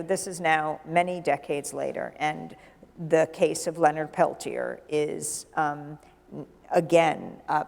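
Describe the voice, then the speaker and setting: A middle-aged woman journalist, a guest in an onstage conversation, telling a lively anecdote and acting out the dialogue. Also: low voice, creaky. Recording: long hall reverb.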